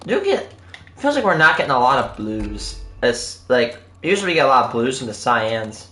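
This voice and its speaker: Hyped streamer talking to chat like a game show host; animated delivery, echoey room sound. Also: medium pitch, moderate pace. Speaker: live streamer. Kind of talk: casual live-stream commentary.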